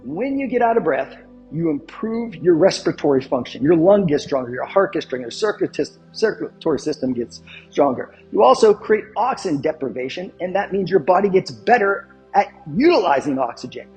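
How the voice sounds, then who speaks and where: A man's voice: a little high, sing-song, fairly quick, a little mellow, faint music behind. A male fitness coach giving an instructional talk, emphatic and fond of repeating his catchphrases and asking the viewer questions.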